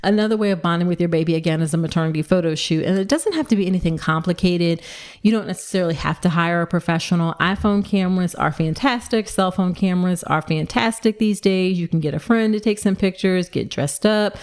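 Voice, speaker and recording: A woman obstetrician hosting a solo podcast, talking fast and excitedly as she gives advice to listeners. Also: fairly low pitch. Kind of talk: solo educational podcast talk.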